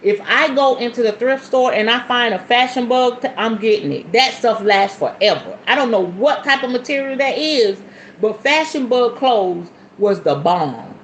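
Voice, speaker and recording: A woman in her forties hosting a casual spiritual podcast, chatty and animated, calling listeners honey and y'all, with sudden whoops. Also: a little high, echoey room, slight background noise, rough recording. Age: 40s. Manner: sudden whoops and shifts between fast and slow. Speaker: podcast host.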